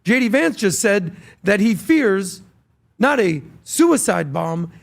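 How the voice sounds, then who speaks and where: High-voiced gravelly man arguing hard. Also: sing-song, slow. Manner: argumentative, punchy, builds points with examples. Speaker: podcast co-host. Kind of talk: heated political talk show debate.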